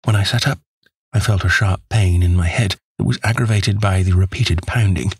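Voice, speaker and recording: Brief: male narrator, low gravelly-husky voice, dry close recording, measured and wry. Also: dry recording. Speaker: audiobook narrator. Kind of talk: scripted first-person narration.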